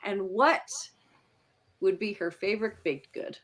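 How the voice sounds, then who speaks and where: A woman's voice: medium pitch, a little slow, heavy background noise. A woman chatting casually as co-host, talkative and laughing often. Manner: chatty, laughing, many fillers. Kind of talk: casual chat.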